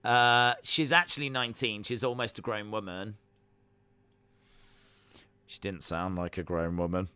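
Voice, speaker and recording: A man hosting a live reaction stream, talking casually and cracking jokes, often pausing on an uh. His voice is very bright and forward, with a crisp, clean tone. The sound is close and dry, with no room around it. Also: lowish voice, steady tone, dry recording. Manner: chatty and joking, with many uhs.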